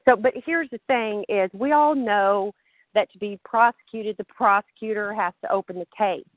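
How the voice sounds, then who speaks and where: A woman's voice: medium pitch, normal speed, no echo. A woman with a Southern accent hosting a group phone call, chatty and laughing often, acting out the conversations she describes. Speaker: call host. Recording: tinny phone line, dry.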